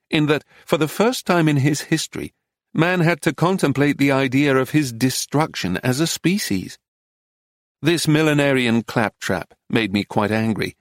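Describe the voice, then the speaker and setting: A man narrating a memoir as an audiobook, telling it in a measured, even way. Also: mid-range voice, no echo, studio quality.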